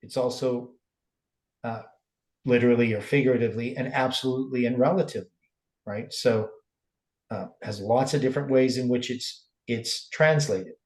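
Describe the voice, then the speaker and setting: A man's voice: medium pitch, normal speed, a little mellow, echoey room, rough recording. A man leading a word-by-word Bible study, thinking aloud with many fillers and checking in with "right?". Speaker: Bible teacher.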